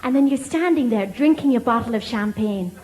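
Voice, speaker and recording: A woman's voice: a little high, expressive, a little fast, echoey room, noisy background. Gossipy Irish woman telling a story. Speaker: comedian. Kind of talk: live stage comedy storytelling. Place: theatre stage with a live audience.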